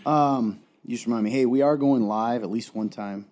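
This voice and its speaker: A man's voice: mid-range voice, a little fast, noisy background. A man co-hosting a podcast, talking casually and directly to listeners in an upbeat, rambling way as he signs off. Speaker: podcast co-host.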